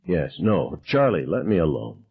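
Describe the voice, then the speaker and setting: A man voicing a terrified middle-aged teacher who answers in a low, faltering stammer. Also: very animated, moderate pace, vocal fry, husky, full character voice. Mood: cowering. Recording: dull lo-fi sound.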